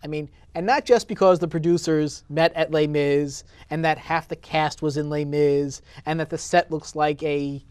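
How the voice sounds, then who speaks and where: A man's voice: on the high side, steady tone, normal speed, hardly any pauses, darkish tone, smooth, dry recording. A man co-hosting a theatre review show, chatting casually with a wry, bantering manner. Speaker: theatre critic and co-host.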